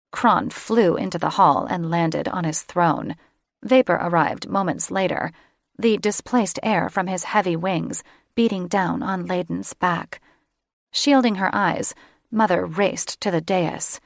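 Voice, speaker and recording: A woman's voice: a little slow, vocal fry, dry recording, studio quality. A woman narrating a fantasy audiobook in scripted style, giving the characters their own voices. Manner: voices each character with shifts in pitch and loudness.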